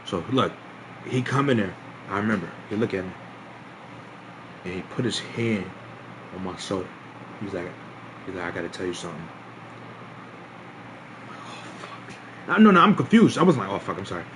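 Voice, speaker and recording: A man's voice: lowish voice, big pitch swings, brisk, long pauses, noisy background. A young man streaming, telling a long story in a casual, rambling way, full of slang, swearing and repeated phrases.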